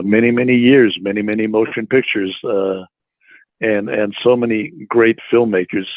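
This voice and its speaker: Older male guest in his eighties, low-voiced and unhurried with fillers, heard over a dry, tinny phone line. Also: no echo. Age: 80s. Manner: measured, hesitant with frequent fillers. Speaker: interview guest. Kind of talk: interview conversation.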